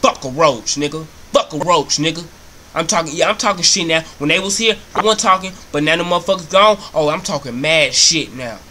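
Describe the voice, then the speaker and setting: In a brisk, animated rant, a young comedy vlogger mocks his grandmother's house, cursing heavily and repeating himself for comic effect. His voice runs fairly high and bright with a forceful edge, and a little hiss or hum can be heard.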